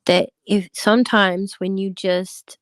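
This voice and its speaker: A woman's voice: medium pitch, steady tone, takes it slowly, no echo. A woman chatting casually as a guest on a stream, talking earnestly and rambling with many restarts. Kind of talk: casual chat.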